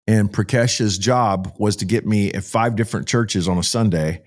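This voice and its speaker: A middle-aged man from Texas, a pastor telling stories in a folksy, animated way during an interview. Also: lowish voice, normal speed. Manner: folksy, animated storyteller with frequent restarts. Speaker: pastor and child rescuer. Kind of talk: interview storytelling.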